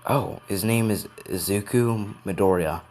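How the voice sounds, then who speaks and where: A man's voice: on the low side, unhurried, a little mellow, slight background noise, natural voice. A man voicing a small animal school principal who speaks in a mild, hesitant way.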